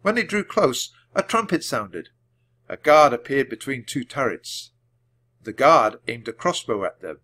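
A man reading a children's chapter book aloud, clearly and deliberately, for language learners. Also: mid-range voice, sing-song, bright, forceful tone. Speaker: storybook reader. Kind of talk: storybook read-aloud.

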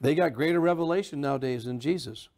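Emphatic preacher, higher-pitched man. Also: fast, darkish tone. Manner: sarcastic, emphatic preaching with mock voices. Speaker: pastor. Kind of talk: sermon. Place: church.

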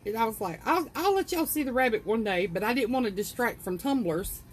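Chatty Southern woman with a lively voice. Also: on the high side, brisk, slight background noise. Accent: Southern US (South Carolina). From South Carolina, US. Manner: chatty, folksy, greets viewers by name, laughs at herself. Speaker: craft livestream host. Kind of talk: casual livestream tutorial. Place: home kitchen.

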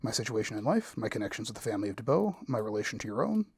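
A man reading the lines of a pompous, self-satisfied male clergyman proposing marriage, in a husky voice. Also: on the low side, very animated, very fast, dry recording, studio quality, exaggerated voice. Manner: long-winded formal proposal, read aloud.

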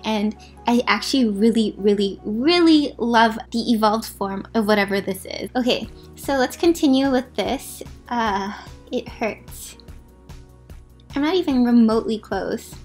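Chatty young woman gushing over game outfits. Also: a little high. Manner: chatty, apologetic asides, gushing about outfits. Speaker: gaming video host. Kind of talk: casual gameplay commentary. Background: faint background music.

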